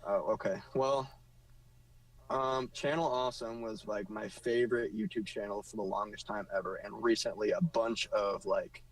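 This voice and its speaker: A man co-hosting a casual podcast, chatty and joking with quick asides. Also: lowish voice, fairly even intonation. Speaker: podcast co-host. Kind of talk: casual chat. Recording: voice a bit far from the mic.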